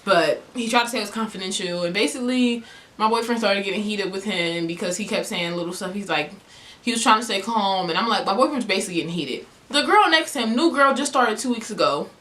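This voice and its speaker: A young woman vlogger telling a story-time tale in a heated, animated way, full of "like" fillers. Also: mid-range voice, fast talker. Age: young adult.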